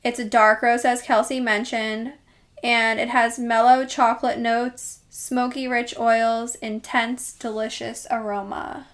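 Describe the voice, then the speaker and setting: Bubbly New Jersey woman, higher voice. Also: flat delivery, measured pace. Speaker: podcast co-host. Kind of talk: casual chat.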